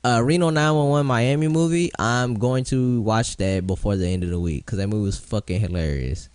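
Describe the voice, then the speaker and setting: A man's voice: medium pitch, fairly quick, darkish tone, clear, resonant tone, dry recording. A man co-hosting a podcast, chatting casually and telling long rambling stories, breaking into laughing impressions. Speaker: podcast co-host. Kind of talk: casual chat.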